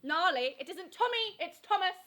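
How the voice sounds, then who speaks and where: A woman's voice: extremely high pitch, lively intonation, normal speed, bright, forceful tone, full character voice. A young woman acting a vain new mother in a stage radio play, gushing and condescending. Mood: impatient. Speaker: actor in a youth theatre radio play.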